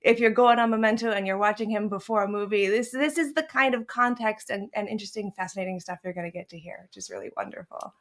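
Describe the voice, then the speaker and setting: A woman's voice: medium pitch, fast talker, hardly any pauses. A woman from Queens with a Queens New York accent, hosting a film podcast in casual, enthusiastic chat with frequent laughter. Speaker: podcast host. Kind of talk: casual conversation.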